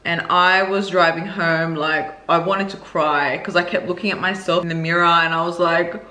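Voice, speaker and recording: A woman vlogger tells a story time to camera in a crisp, bright voice. She talks frankly and expressively, straight to her viewers. The sound is echoey, as if she were recording in a bare room. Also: lowish voice, moderate pace, few pauses. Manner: candid and expressive, addresses viewers directly. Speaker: beauty vlogger.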